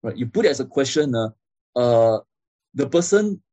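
A man's voice: medium pitch, lively intonation, normal speed, mellow, no room sound. A man giving a classroom lecture, explaining step by step and often checking in with "okay?" and "right?".

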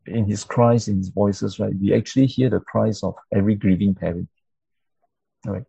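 A man teaching a church class on grief and pastoral care with slides. He speaks haltingly, with many fillers and repeated words, and keeps checking in with his listeners by asking "right?". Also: fairly low pitch, steady tone, vocal fry, mellow, slightly rough, dry recording. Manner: checks in often with tag questions like "right?". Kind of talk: interactive lecture with slides. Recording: dull lo-fi recording.

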